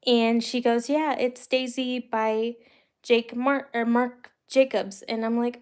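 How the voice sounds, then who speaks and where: Young woman, livestream host, from the US, slightly high voice, smooth, chatty, unhurried storytelling. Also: level tone. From United States. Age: young adult. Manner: rambling, chatty, laughs while telling stories. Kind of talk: casual storytelling to live viewers.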